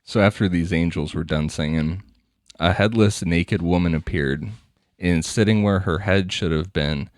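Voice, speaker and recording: Man, podcast host, casual narration, very low voice, laughs often, dry close sound. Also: measured pace, no room sound. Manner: reads case notes, laughs often. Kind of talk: casual true-crime narration.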